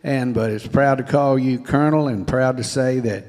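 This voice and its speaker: A man's voice: medium pitch, steady tone, normal speed, a little mellow. An older man speaking as a proud, affectionate grandfather to the graduates. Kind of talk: proud family speech. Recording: long hall reverb.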